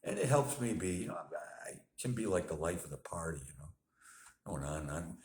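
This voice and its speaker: A man's voice: low voice, lively intonation, fairly quick, a little mellow. A man keeping a casual video diary about his life with bipolar disorder. He rambles, uses many fillers, corrects himself, and laughs at himself. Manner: self-deprecating, laughs at himself. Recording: roomy echo.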